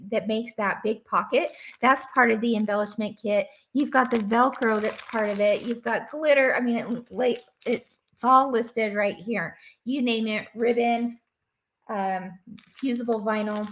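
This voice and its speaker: A woman's voice: on the high side, a bit bright, a little hiss or hum. A woman hosting a live stream, upbeat and gushing as she reads out viewer comments, laughing often. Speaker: host.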